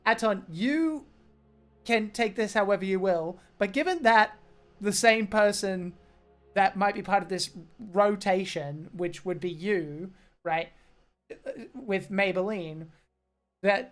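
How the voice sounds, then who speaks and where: A woman running a tabletop game as game master, explaining rules quickly and laughing often. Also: medium pitch.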